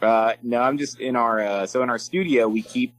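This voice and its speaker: A man co-hosting a podcast, chatting casually with laid-back, deadpan asides. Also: medium pitch, moderate pace, soft background music, poor audio. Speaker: podcast co-host. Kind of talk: casual comedic banter.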